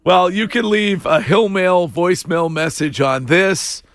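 A man hosting a morning radio show, chatting and reading ads in an animated way. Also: high-pitched. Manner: animated, quick to laugh. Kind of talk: radio talk and live ad reads.

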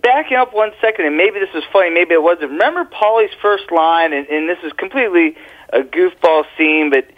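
A man's voice: high voice, expressive, a little fast. Man on a tinny phone line. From Sarasota area, Florida. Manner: adds local background, asides. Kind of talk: casual chat.

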